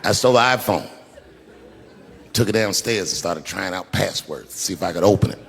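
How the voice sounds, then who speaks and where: A middle-aged man doing a stand-up comedy routine, telling a story with lively acted-out quotes. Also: low voice, fairly quick, creaky. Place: large theater stage. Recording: reverberant hall with crowd noise. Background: audience laughter.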